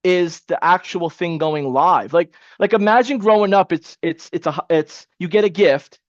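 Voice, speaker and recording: A man coaching an online class in a casual, energetic, motivational way, repeating himself for emphasis. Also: sits high, normal speed, no room sound, lo-fi sound. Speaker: webinar coach. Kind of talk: live online training.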